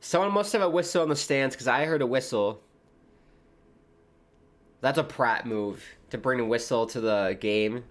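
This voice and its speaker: A man's voice: mid-range voice, moderate pace, long pauses. A man from the United States hosting a live football watchalong, giving casual commentary that drifts into rambling side chats. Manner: chatty and rambling, jumping between match calls and tangents. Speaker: livestream host.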